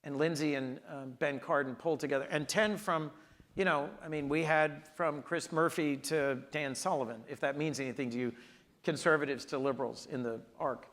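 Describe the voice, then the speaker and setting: A man in his sixties speaks as a senator at an onstage conversation, telling stories earnestly. His voice sits somewhat higher than most men's. His delivery is emphatic and sincere. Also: steady tone, moderate pace, a bit bright. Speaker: US senator, interview guest.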